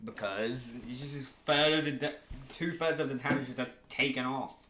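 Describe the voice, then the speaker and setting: A man's voice: medium pitch, normal speed, sharp tone. Rambling jokey man in an echoey room. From Oceania. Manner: rambling, jokey, self-correcting. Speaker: vlogger pitching a fan creature idea. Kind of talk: casual rambling chat to camera. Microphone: camera mic. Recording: echoey room with faint hiss.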